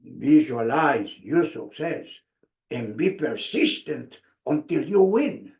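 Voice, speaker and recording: Guy doing his coach, low and slow, wise and calm, roomy sound. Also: vocal fry, heavily acted. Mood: calm, advising.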